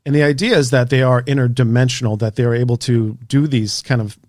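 A man in a casual interview, spinning an animated story with the odd swear word tossed in. His voice sits at an ordinary middle pitch, recorded close and dry with no room sound. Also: fairly quick, no room sound. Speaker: author and researcher.

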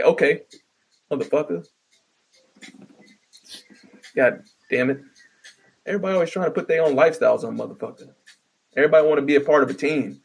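A man's voice: on the high side, fairly quick, vocal fry, long pauses, slightly rough. A man delivering a profane, exasperated comedic rant with stammering restarts. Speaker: vlogger ranting.

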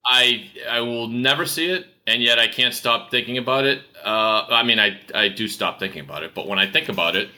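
A man's voice: mid-range voice, a little fast, few pauses, bright, forceful tone. A man co-hosting a podcast in casual banter, rambling and jokey, often breaking off mid-sentence. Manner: rambling, self-interrupting, jokey. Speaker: podcast co-host.

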